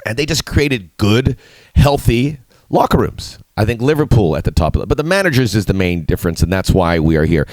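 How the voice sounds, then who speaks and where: Lively low-voiced man hosting soccer talk. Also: fairly quick, no echo. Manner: animated, playful, with sudden emphatic jumps. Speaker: soccer show host. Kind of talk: solo video commentary.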